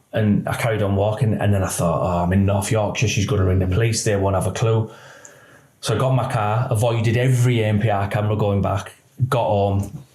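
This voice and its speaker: A former police officer, speaking candidly in an interview, his story halting and emotional with many restarts. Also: lowish voice, a little mellow. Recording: roomy echo.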